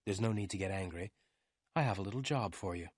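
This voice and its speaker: Brief: male reader doing a curt young woman client, quiet, cool delivery. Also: medium pitch, fairly quick, no echo, studio quality, pitched above the performer's own voice, natural voice. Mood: cold.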